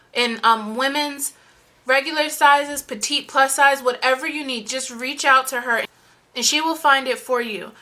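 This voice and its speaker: A young woman vlogger chatting excitedly through an unboxing, gushing with lots of "you guys" and "like". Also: high voice. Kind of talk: unboxing vlog chat.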